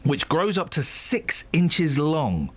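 Brief: English man, breakfast radio presenter, fairly high voice, jokey and rambling. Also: sing-song, slow pace, slightly rough. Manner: jokey, rambling, reads stories with comic asides. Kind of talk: casual breakfast radio chat.

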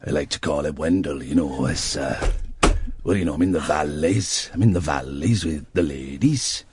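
A man's voice: rumbling low, normal speed, darkish tone, breathy edge, pitched below the performer's own voice, exaggerated voice. A man doing an impression of a crooning Welsh man from the mining valleys, in a put-on Welsh accent, drawling with many fillers. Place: radio studio.

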